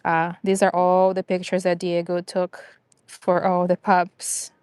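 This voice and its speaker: A woman's voice: on the low side, completely flat delivery, unhurried, a little mellow, smooth, no room sound. A woman chatting casually on a live stream about rescue dogs, rambling and upbeat with lots of fillers.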